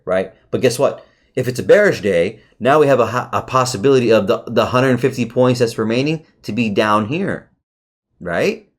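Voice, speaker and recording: Excitable, swearing male trading coach. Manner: excitable, swears often, restless pitch jumps. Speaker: trading educator. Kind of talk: casual screen-share trade review.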